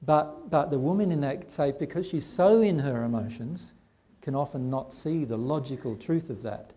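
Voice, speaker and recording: A man's voice: medium pitch, moderate pace, warm tone. A man giving an earnest seminar talk to a live audience, often checking in with "right?". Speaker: spiritual teacher.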